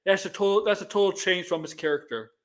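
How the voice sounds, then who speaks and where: A man's voice: high-pitched, fast talker, fairly bright tone. A middle-aged man co-hosting a movie news show in casual chat, rambling and repeating himself with many restarts.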